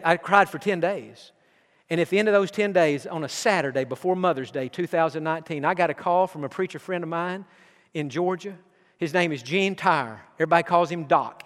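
A man's voice: fairly high pitch, in a large hall. A middle-aged man preaching a sermon as pastor, earnest and personal, telling stories from his own life. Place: church sanctuary.

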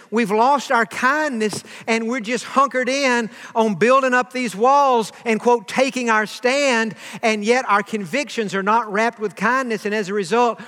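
A man in his fifties delivers a sermon in a high voice. He is earnest, circling back and repeating words as he builds each point. His voice rings with the long reverb of a church hall. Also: sharp tone. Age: 50s. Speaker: preacher.

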